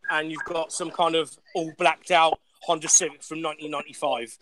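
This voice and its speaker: A man's voice: a little high, little pitch movement, a little fast, a bit bright, slight background noise. A British man chatting crudely in a casual panel, rambling with many fillers. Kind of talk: casual group banter.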